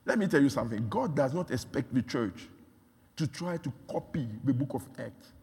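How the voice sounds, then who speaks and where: A man preaching a sermon, repeating phrases and building from quiet talk to shouts. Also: medium pitch, animated, normal speed, slightly rough. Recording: long hall reverb.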